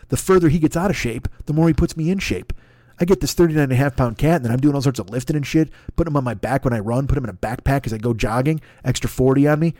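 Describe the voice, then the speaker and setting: A man's voice: mid-range voice, dark tone, no echo, studio quality. A man hosting a comedy podcast, riffing through a profane, rambling monologue and sliding into silly voices. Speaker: podcast host.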